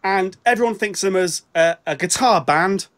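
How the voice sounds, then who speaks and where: A man's voice: high-pitched, normal speed, fairly bright tone. A British man co-hosting a casual album-review chat over a remote call, rambling and self-mocking with lots of restarts. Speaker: podcast co-host.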